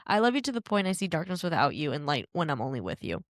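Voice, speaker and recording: A woman's voice: low voice, fast talker, no echo, studio quality. Bubbly woman co-hosting a book podcast. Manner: bubbly and animated, swearing casually. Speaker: podcast co-host. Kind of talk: casual book chat, reading reviews aloud.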